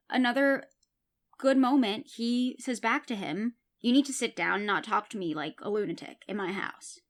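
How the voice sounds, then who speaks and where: A woman hosting a podcast, retelling and reacting to a TV episode in an animated, chatty way. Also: medium pitch. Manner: chatty, animated, laughs while retelling scenes. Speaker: podcast host. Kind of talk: casual episode recap.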